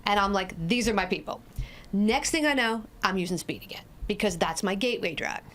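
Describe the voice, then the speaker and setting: Podcast guest: woman in her 40s, blunt and lively storyteller with a salty tongue. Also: mid-range voice, fairly quick. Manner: blunt, lively storyteller who swears freely. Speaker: addiction specialist guest. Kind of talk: candid conversational storytelling.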